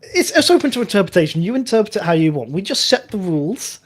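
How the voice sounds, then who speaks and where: A man's voice: high-pitched, big pitch swings, fast talker. Rambling man explaining rules. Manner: rambling, chatty, with many fillers and restarts. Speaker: co-host. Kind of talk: casual chat.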